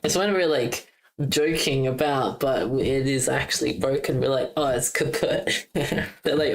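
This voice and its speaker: A streamer practising German pronunciation on a live stream, slowly repeating words over and over with chuckles and the odd mild swear. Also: medium pitch, gravelly, a little hiss or hum.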